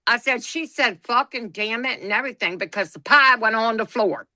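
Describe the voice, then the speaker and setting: A woman's voice: fairly high pitch, a little slow, bright, forceful tone, no echo. Folksy woman telling a funny story. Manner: folksy, blunt, laughs through her stories. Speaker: podcast co-host. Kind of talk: casual storytelling chat.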